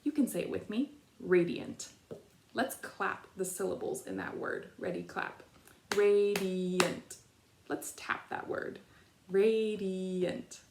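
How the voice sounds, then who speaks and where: Slow, clear woman teaching children. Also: mid-range voice, a little mellow, roomy sound. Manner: slow, clear teacher talk with call-and-response prompts. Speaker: trainee principal leading a school assembly. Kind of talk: reading a picture book aloud to children. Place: elementary school.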